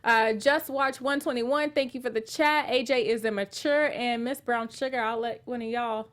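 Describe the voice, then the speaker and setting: A woman's voice: fairly high pitch, steady tone, normal speed. A woman hosting a casual panel chat, reading out live chat comments and leading the discussion. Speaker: podcast host.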